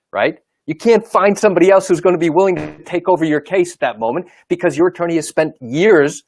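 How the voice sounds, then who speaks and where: Brief: male lawyer, slightly high voice, emphatic live talk, dry close sound. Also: dry recording. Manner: emphatic, repetitive, rhetorical questions. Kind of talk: live video talk to camera.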